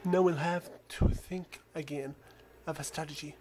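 A gamer with a non-native accent narrating a stealth game in a calm, coaching way, often dropping to a whisper. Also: mid-range voice, moderate pace, a little hiss or hum. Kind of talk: gameplay commentary.

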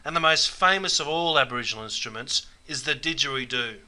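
An Australian man with a very bright, forward voice hosts a comedy explainer. He talks in broad slang and drops "mate" into nearly every sentence. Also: medium pitch, fairly quick. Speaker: host. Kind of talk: comic explainer sketch.

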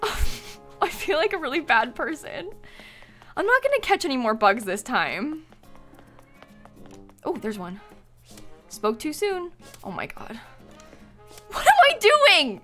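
A young woman livestreaming a game in a bright, lively voice that swoops up into squeals and shrieks of laughter. She chats casually and dramatically, with soft game music playing behind her. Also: high-pitched, takes it slowly, pauses often. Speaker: streamer. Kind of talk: casual game-stream chat.

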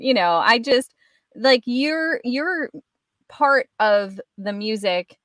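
A woman's voice: mid-range voice, fairly bright tone, no room sound, studio quality. A woman hosting an interview, chatting eagerly with lots of fillers. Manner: enthusiastic, chatty, frequent laughs and fillers. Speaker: podcast host. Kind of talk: casual interview chat.

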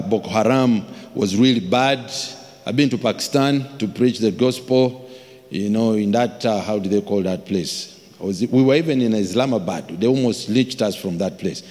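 A man preaching a sermon as a pastor, telling stories with acted-out voices and sudden shouts. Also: medium pitch. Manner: animated storytelling, acts out voices, shouts for emphasis. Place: large church hall. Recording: long hall reverb.

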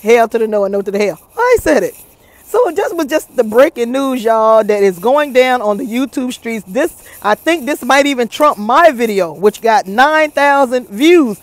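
A woman talking casually to her viewers in a gossip vlog, animated and chatty, recorded outdoors. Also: on the high side, moderate pace, hardly any pauses, no room sound. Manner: animated, chatty, laughs often, addresses viewers as y'all. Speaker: YouTube commentator.

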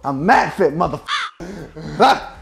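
A young man doing a workout on camera, loud and excitable, swearing and groaning through the strain. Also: fairly high pitch, moderate pace, creaky. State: straining and out of breath during exercise. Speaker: co-host of a fitness reaction channel. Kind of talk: hyped casual workout commentary.

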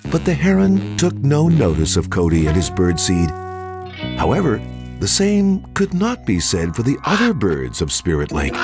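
A man narrating a children's storybook in an expressive, sing-song read-aloud manner. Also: medium pitch, gravelly. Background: music.

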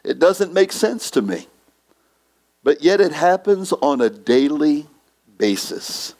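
A male pastor preaching a sermon in a church, slow and emphatic, repeating phrases for weight. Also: on the high side, very animated, vocal fry, a little mellow.

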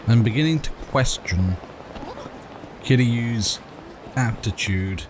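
A man's voice: medium pitch, slow, background noise. A man casually commentating a video game playthrough with wry humor, reading game dialogue aloud. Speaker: let's play host. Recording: game music under voice.

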